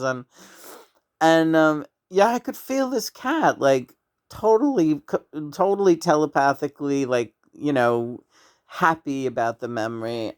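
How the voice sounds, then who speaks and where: A woman telling a story about her pets in a casual, animated way, laughing often and swearing freely. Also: low-pitched, measured pace. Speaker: vlogger telling a pet story. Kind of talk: casual chat.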